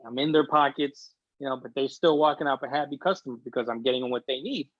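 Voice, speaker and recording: A man's voice: medium pitch, fast talker, fairly bright tone, no echo, highs cut off. A middle-aged man from Chicago, a guest in a casual interview, telling a family story with feeling and acting out what people said. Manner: emotional, chatty storyteller acting out quotes.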